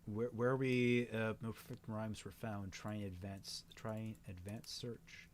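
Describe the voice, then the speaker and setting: A man's voice: lowish voice, level tone, unhurried. A man hosting a casual livestream, musing aloud and reading word lists off the screen. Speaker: stream host.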